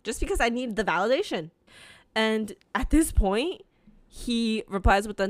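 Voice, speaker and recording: A woman's voice: a little high, expressive, normal speed, no room sound. A young woman hosting a podcast, talking candidly and profanely in a casual confessional monologue and laughing often. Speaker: podcast host.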